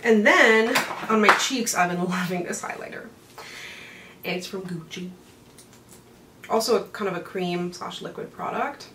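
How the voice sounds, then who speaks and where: A woman's voice: lowish voice, measured pace, long pauses. A woman chatting casually through a makeup tutorial, rambling with self-mocking asides. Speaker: beauty vlogger. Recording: roomy, mic set back, faint hiss.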